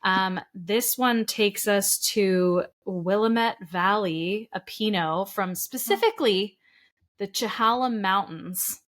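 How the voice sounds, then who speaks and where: A woman's voice: medium pitch, slow, a bit bright. An American woman co-hosts a podcast in a loose, chatty way. She laughs easily and reads items off a list in an ordinary mid-range voice. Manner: chatty, laughs often, reads lists aloud. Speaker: podcast co-host. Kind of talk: casual chat.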